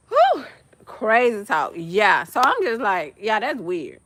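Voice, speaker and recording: A young woman hosting a livestream chats casually in a mid-range voice, speaking slowly with frequent pauses and no echo. Her rant is blunt and profane, animated and broken up by laughs.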